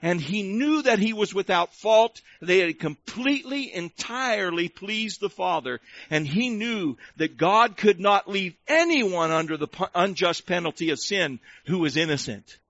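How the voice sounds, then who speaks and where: A man preaching a sermon, calling for amens and shouting praise, slowing down to stretch key words for emphasis. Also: high-pitched, animated, no echo, dull audio. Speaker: pastor.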